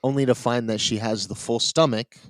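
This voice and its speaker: A man's voice: mid-range voice, steady tone, fairly quick, fairly bright tone, no echo, rough recording. A man co-hosting a podcast, chatting casually and rambling, often laughing at his own points. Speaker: podcast co-host. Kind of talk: casual chat.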